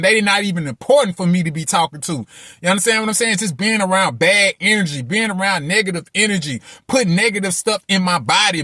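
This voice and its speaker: A man giving a heartfelt motivational monologue, repeating himself and tossing in "man" and "you know what I'm saying" as he turns loud and preachy. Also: high voice, dry recording, studio quality. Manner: grows loud and impassioned, preaching. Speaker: motivational speaker.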